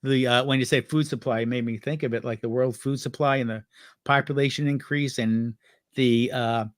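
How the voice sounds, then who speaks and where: A man's voice: medium pitch, fairly even intonation, normal speed, dry recording, clean studio sound. A man chatting as a guest on a talk show, telling rambling anecdotes and laughing at his own stories. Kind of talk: casual chat.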